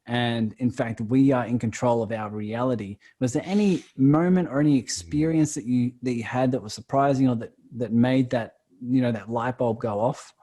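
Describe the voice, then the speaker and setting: A man's voice: medium pitch, moderate pace, few pauses, mellow. A man hosting a podcast interview and working as a coach, asking long, reflective questions with many restarts. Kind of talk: casual interview conversation.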